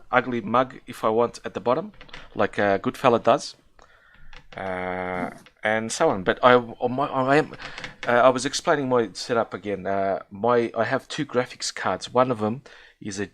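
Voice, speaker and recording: A man chatting casually while testing his streaming setup, rambling with many restarts. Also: fairly low pitch. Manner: rambling, stammering, self-correcting. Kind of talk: casual chat.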